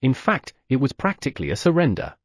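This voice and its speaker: A man narrating an audiobook with expressive storytelling. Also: medium pitch, fast, no room sound, clean studio sound. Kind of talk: scripted narration.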